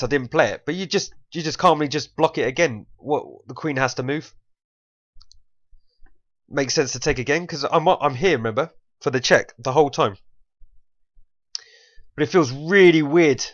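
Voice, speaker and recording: Man from England, mid-pitched, casual chess commentary, rambling and self-correcting, dull lo-fi sound. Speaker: chess player analysing his own game.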